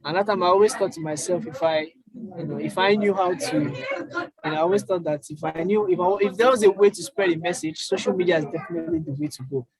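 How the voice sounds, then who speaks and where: A young Nigerian man telling his own story as an interview guest, halting with many fillers and restarts. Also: sits high, a little mellow, slightly rough, poor audio. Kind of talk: casual interview chat.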